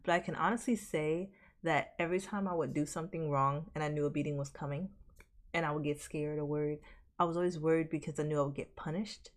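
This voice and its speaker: Woman streamer, low deep voice, rambling casual chat. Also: fairly even intonation, quick pace. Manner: rambling, chatty storytelling. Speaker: streamer reacting to a video.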